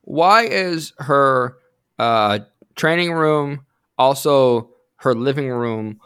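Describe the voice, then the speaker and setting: A man's voice: medium pitch, drawn-out words, fairly bright tone, smooth. A man co-hosting a casual podcast, steering the questions with a wry, teasing manner. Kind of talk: casual chat.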